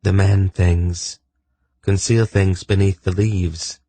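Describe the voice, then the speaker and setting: A man's voice: low voice, fairly even intonation, slow, mellow, no echo. A man voicing a wounded, starving female wolf who speaks humbly and deferentially in an audiobook. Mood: weary.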